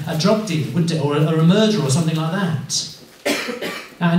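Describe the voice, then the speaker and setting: An English man gives an earnest evangelistic talk, pitched a little high, often turning questions back on his listeners. He sounds set back from the microphone, and the room rings with a heavy echo. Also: darkish tone, slight background noise. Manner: earnest, questioning, repeats words when restarting. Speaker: student mission speaker. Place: university lunchtime event room. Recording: echoey room, mic far off.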